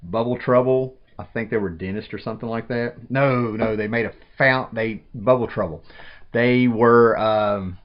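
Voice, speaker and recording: Thirties man, casual unboxing vlogger, rambly and excited, low-pitched, muffled home recording. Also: normal speed. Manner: rambling, enthusiastic, says "man" often.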